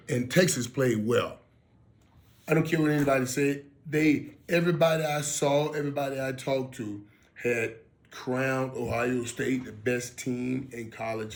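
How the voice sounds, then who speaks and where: A man's voice: mid-range voice, creaky. A man giving casual reaction commentary on his own channel, emphatic and repetitive, often restarting his words and talking straight to his viewers.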